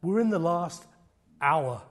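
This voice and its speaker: Man, middle-aged, preacher, sermon, high voice, breathy, loud-to-whisper swings. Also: lively intonation, slow pace. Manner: swings from loud declarations to hushed near-whispers.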